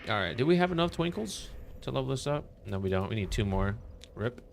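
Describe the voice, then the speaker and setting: A man's voice: medium pitch, sing-song, brisk, vocal fry, noisy background. A man streaming a game live, chatting casually with viewers and greeting them with upbeat enthusiasm. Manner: laid-back, greets chat members with upbeat enthusiasm. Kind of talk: casual live-stream chat while playing.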